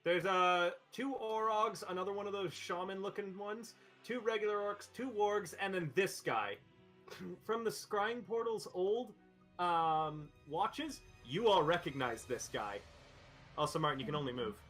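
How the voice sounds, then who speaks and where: A man's voice: high voice, a little slow, a bit bright, faint music behind. A man narrating as game master, explaining rules with lots of fillers.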